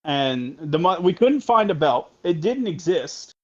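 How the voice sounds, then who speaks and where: A man's voice: fairly high pitch, big pitch swings, unhurried, lo-fi sound. A young man, co-host of a podcast, telling a long, profane, rambling story about a customer at his parts store. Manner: rambling, profane, full of fillers. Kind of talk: casual storytelling.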